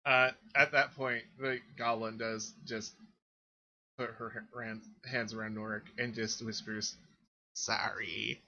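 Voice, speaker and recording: A man running a tabletop game as game master, talking in a relaxed, loose way. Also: medium pitch, unhurried. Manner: relaxed, loose, full of fillers. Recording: dull lo-fi mic.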